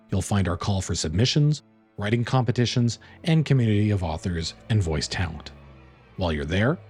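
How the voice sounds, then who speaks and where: A man reading a scripted introduction for a story podcast in a smooth promotional delivery. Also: on the low side, a little mellow. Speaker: show announcer.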